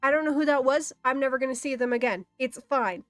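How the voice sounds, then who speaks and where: A woman voicing a flustered, anxious eighteen-year-old schoolgirl who rambles quickly in exasperation. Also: sits high, fairly bright tone, dry recording, clean studio sound, faint music behind.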